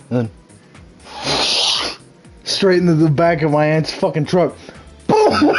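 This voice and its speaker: A young man streaming games, telling a profane story in a casual, animated way and laughing often. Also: sits high, takes it slowly, long pauses, soft background music, rough recording. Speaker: game streamer.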